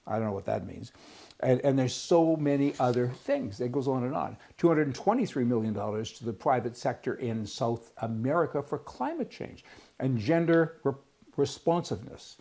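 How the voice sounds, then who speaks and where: A man's voice: mid-range voice, lively intonation, moderate pace, creaky, dark tone. A man from Canada giving a blunt, rambling opinion monologue, restarting his sentences and breaking into sudden exclamations. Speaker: political commentator.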